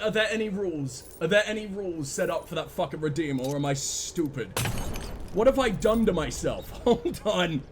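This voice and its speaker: A man's voice: sits high, a little hiss or hum. A man streaming a game, bantering crudely and jokingly with his chat. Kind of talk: live-stream game commentary.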